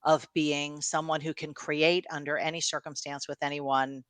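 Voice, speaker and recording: A woman's voice: sits low, little pitch movement, normal speed, clear, resonant tone, no room sound. A middle-aged woman from New York, a coach and guest, telling stories casually with frequent "you know" and laughs. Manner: storytelling, laughs often, fillers like "you know". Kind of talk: casual interview chat.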